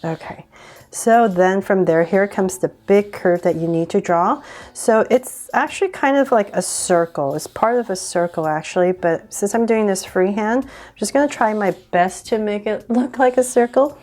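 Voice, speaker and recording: A woman's voice: mid-range voice, moderate pace, darkish tone. A woman hosting a casual drawing tutorial, chatty and giggly, often saying um and poking fun at herself. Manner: chatty, giggly, self-deprecating, many ums.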